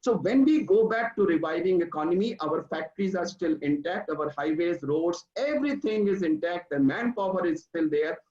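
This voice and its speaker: A man, a doctor giving measured panel remarks point by point over a video call. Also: high-pitched, a little mellow. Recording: roomy, distant, muffled video-call audio.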